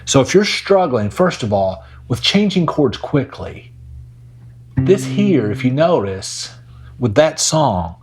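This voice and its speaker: A man gives a casual guitar lesson in a slow, relaxed way. His voice sits at an ordinary middle pitch, and he keeps talking as he demonstrates. His acoustic guitar rings clearly behind his words. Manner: laid-back, talks while playing guitar. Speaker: guitar teacher. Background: his own acoustic guitar playing.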